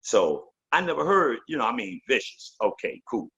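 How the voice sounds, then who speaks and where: A man's voice: mid-range voice, big pitch swings, normal speed, vocal fry, pushed and bright, husky, lo-fi sound. A man in his fifties, a veteran MC guest in a casual interview, telling loose, profane stories and slipping into the voices of the people he quotes.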